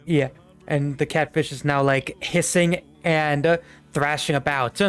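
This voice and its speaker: A man's voice: on the high side, steady tone, measured pace, smooth. Young man rambling as a game master. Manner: rambling with many fillers. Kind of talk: narrating a tabletop game.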